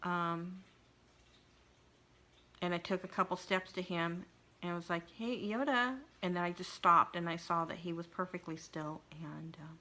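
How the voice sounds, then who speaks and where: A middle-aged woman vlogger telling a personal story in an emotional, halting way, with frequent restarts and pauses. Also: on the low side, monotone, sharp tone. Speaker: craft vlogger.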